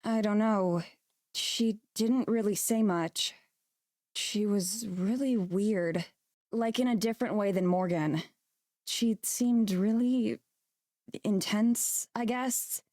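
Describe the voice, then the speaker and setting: A woman's voice: medium pitch, slow pace, dark tone, no echo, studio quality, natural voice. A woman voicing a tentative, apologetic young video maker in a visual novel, speaking hesitantly and trailing off.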